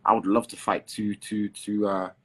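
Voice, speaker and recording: A man's voice: on the low side, flat delivery, moderate pace, breathy edge. A man with a London accent chatting in an interview as a guest fighter, swearing casually and filling with "um" and restarts. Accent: English, London.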